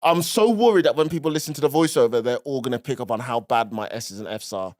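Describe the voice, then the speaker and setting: A man's voice: medium pitch, quick pace. A man with a Black Country accent and a noticeable lisp on his s and f sounds, co-hosting a casual comedy chat. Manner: animated, laughing, self-mocking. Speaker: podcast co-host.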